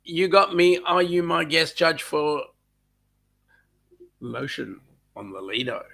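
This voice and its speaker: A man's voice: animated, slow pace, sharp tone. A man with an Australian accent co-hosting a casual live-stream chat, congested from a cold, joking and reading out viewer comments. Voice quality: husky, low "sexy" voice from a cold. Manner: joking, teasing, reads viewer chat aloud. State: congested, blocked nose.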